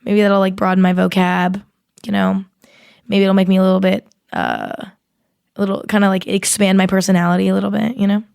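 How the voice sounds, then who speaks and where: A woman's voice: mid-range voice, little pitch movement, fast talker, vocal fry, a little mellow, no echo, studio quality. A young woman hosting a podcast, chatting casually and rambling with lots of "like". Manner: chatty and rambling, heavy use of "like". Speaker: podcast host. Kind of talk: casual chat with a sponsor read.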